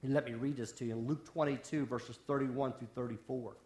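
A male pastor delivers a sermon with fervent intensity, dropping suddenly to a quiet hush for weight. His voice sits at a middling pitch. The sound carries a roomy echo, as from a church sanctuary. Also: fairly even intonation, fairly quick. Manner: impassioned preaching with sudden drops to a hush.

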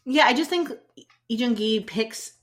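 A woman co-hosting a casual podcast chat, animated, laughing and swearing as she talks. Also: on the high side, measured pace. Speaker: podcast co-host.

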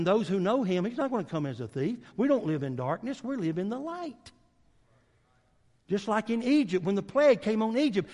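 A male preacher with a high, lively voice delivers a sermon, climbing into loud, emphatic declarations and sinking into low, intense stretches. His voice rings with a long reverb from a church hall.

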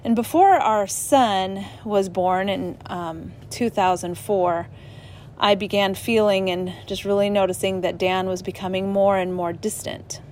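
A middle-aged woman giving an earnest personal testimony at church, halting now and then as she restarts. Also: medium pitch, fairly even intonation, a little mellow, slight background noise.

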